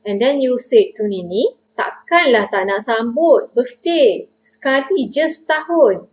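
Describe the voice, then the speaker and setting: Malay woman teaching in English, high voice. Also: low-quality recording. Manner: explains slowly, repeats example phrases with lively intonation. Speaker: language teacher. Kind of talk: casual spoken lesson.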